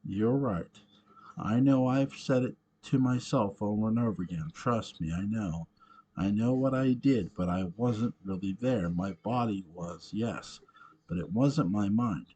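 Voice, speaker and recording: A man voicing a remorseful man who was once possessed, pleading in a slow, halting way. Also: fairly low pitch, dark tone, breathy edge, poor audio.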